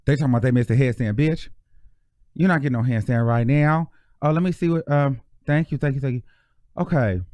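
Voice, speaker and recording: A man's voice: mid-range voice, fairly quick, darkish tone, no echo. A man hosting a live gossip stream with sassy, blunt commentary. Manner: sassy, mock-preaching, blunt. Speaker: host of a live gossip show.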